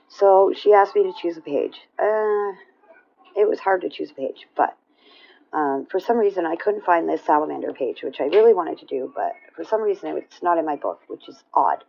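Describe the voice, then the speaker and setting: A woman chatting casually about her coloring pages, rambling with fillers and clearing her throat often. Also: sits low, expressive, moderate pace, dull audio. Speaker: coloring vlogger. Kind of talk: casual show-and-tell chat.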